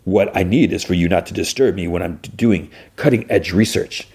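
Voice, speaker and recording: A man's voice: sits low, a little fast, a little mellow, breathy edge. A man doing a snappish genius scientist. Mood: irritable. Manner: curt, annoyed. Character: irritable male genius scientist, gamer.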